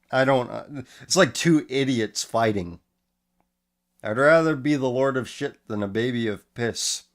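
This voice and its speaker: A man's voice: medium pitch, a little slow. A man hosting a casual commentary show, reading posts aloud and mocking them with sarcastic, profane remarks; he is losing his voice. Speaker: host.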